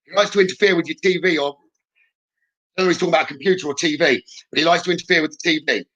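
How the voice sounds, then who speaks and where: A man's voice: fairly high pitch, racing, a bit bright, muffled recording. A man working as a psychic medium, giving a live reading in a reassuring tone and often checking in with "okay?".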